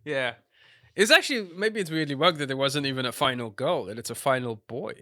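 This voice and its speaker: A man with a bright voice in a dry, close recording chats about films. He hesitates with many fillers, and his pitch leaps up when he is amused. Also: a little fast, no echo. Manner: hesitant, lots of ums, jumps high when amused. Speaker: podcast co-host. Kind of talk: casual film chat.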